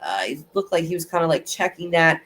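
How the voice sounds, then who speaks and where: A woman hosts a true crime livestream in a loose, chatty way. She rambles and restarts often, and her voice sounds bright and clear. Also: sits low, fairly quick. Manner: rambling, animated, with frequent restarts. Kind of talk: casual chat.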